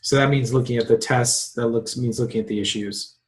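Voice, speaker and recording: A man leading a casual online meeting over a video call, his voice at an ordinary middle pitch. He pauses often, restarting sentences and filling gaps with ums and uhs. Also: fairly even intonation. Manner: hesitant, many fillers and restarts. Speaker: release meeting lead.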